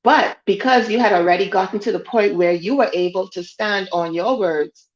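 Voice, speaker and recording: A woman co-hosts a relaxed podcast conversation and builds her argument calmly, one step at a time. The audio is dull and lo-fi, with a noticeable room echo. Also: medium pitch, moderate pace. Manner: steady, explanatory, builds points step by step. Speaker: podcast co-host. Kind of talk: casual faith podcast chat. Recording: echoey, dull lo-fi sound.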